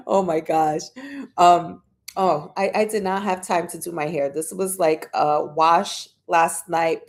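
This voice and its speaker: A woman hosting a casual live stream, chatting and greeting viewers by name, with sudden high squeals of excitement.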